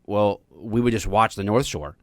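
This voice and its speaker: An American man hosts a live-streamed talk show, chatting casually and jokingly in a rambling way, full of fillers. His voice sits on the low side at normal speed, with studio quality and no echo.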